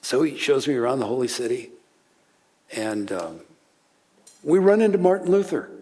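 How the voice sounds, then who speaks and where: An older man telling a warm story at a conference seminar, chuckling as he goes. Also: medium pitch, lively intonation, normal speed. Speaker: speaker. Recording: long hall reverb.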